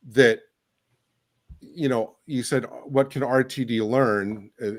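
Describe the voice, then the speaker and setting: A man co-hosting a podcast in casual discussion, opinionated and halting with frequent fillers. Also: medium pitch. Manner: opinionated, hesitant with many fillers. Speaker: podcast co-host.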